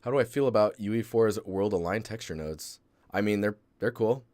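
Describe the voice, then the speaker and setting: A man hosting a live stream, reviewing a 3D art portfolio in a relaxed, rambling way with lots of fillers and restarts. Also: lowish voice, a little fast, dry recording. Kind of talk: casual live-stream critique.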